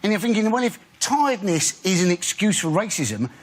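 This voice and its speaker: A man's voice: high voice, very animated, brisk. A man comedian on a panel show, telling dry jokes that build to punchlines. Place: TV studio with audience. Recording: clear background noise.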